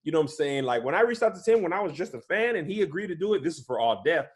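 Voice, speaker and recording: A man guesting on an interview over a video call from home, chatting in a relaxed way and often asking "right?" and "you know what I'm saying". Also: a little high, racing. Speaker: comedian and guest. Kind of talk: casual interview chat.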